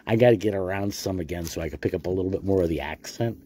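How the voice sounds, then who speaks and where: Talking quickly in a low, dark, husky voice, a middle-aged American YouTuber narrates his card pack openings. The commentary is relaxed and playful, and he tends to repeat his words.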